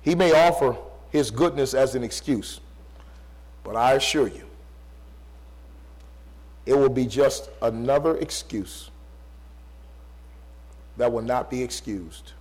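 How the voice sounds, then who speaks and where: A man preaching a sermon, repeating rhetorical questions, swinging between loud emphatic pleas and low, quiet passages. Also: takes it slowly, long pauses, rough recording.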